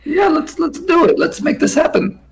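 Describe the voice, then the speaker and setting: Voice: sits high, sing-song, normal speed, creaky. A player at a tabletop game speaking hesitantly. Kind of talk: casual game chat.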